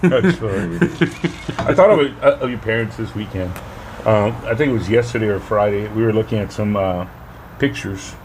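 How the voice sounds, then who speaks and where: A man co-hosting a podcast, telling stories in a relaxed, joking way and calling his friend dude. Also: lowish voice, moderate pace, slight background noise. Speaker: podcast co-host. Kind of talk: casual chat.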